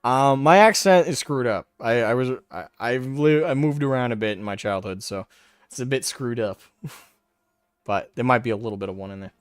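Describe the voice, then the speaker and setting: A man's voice: mid-range voice, moderate pace, clean tone, no echo, studio quality, soft background music. A man hosting a live stream, talking in a brash, mocking way and taunting people in a raised voice. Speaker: livestream host. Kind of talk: casual livestream commentary.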